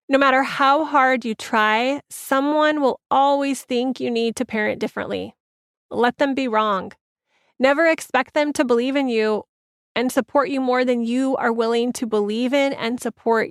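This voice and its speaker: Gravelly-voiced woman parenting coach. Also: a little high, no room sound, clean studio sound. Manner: encouraging, direct instructions. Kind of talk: reading her own book aloud.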